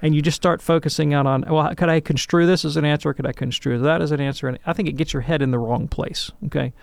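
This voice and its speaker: With lots of "right?" check-ins, a man on a call-in radio program lectures animatedly in reply to a listener. He talks fast in a fairly high voice with vocal fry, and the recording is dry.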